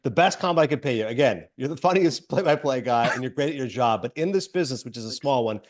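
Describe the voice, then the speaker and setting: A man hosting a podcast interview, excitable and full of praise for his guest. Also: medium pitch, quick pace. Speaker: podcast host. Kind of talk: casual interview.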